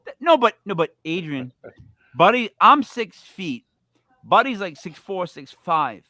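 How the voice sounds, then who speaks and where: A man hosting a casual paranormal talk show, joking and telling stories with animated delivery. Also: high voice, unhurried, dry recording. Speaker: podcast host. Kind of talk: casual chat.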